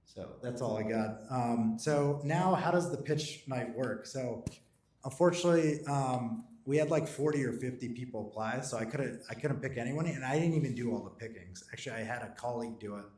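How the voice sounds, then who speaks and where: A man hosts a live startup event in a relaxed, chatty way, full of "um" and "like". His voice comes from a distance in a reverberant room. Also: mid-range voice, fairly quick. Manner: casual, chatty, filler-heavy. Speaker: event host. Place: event room at a pitch night. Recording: roomy audio from a distance.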